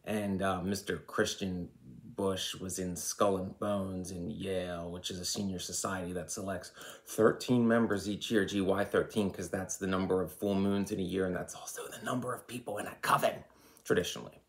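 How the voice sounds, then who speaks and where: A man's voice: deep voice, steady tone, moderate pace. An American man in his thirties hosting an occult channel, giving a rambling, opinionated spiritual monologue full of "you know.".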